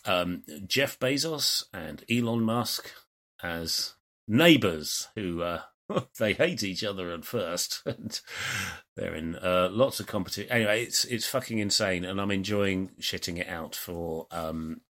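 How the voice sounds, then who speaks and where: A man's voice: sits low, unhurried, a bit bright. A man, co-hosting a podcast in a rambling, jokey, casual style. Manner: rambling, jokey, many fillers and restarts. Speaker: podcast co-host. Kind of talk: casual chat.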